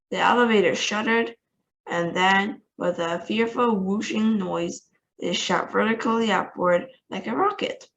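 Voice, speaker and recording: Brief: expressive woman storyteller, reading a kids' book. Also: medium pitch, lo-fi sound, slight background noise. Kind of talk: reading a children's book aloud.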